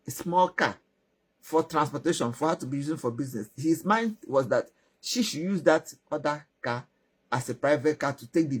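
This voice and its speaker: A woman with a Nigerian accent telling stories and giving relationship advice, animated and asking the listener questions. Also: low voice, breathy edge. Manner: animated, repeats words, asks the listener questions. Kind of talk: storytelling advice talk.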